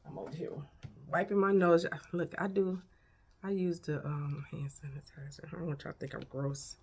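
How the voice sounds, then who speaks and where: A woman's voice: low-pitched, level tone, normal speed, a little mellow, slight background noise. A woman in her fifties giving frank, folksy life advice in a casual vlog, chatting straight to her viewers. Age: 50s. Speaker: life coach. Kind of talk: casual motivational vlog talk.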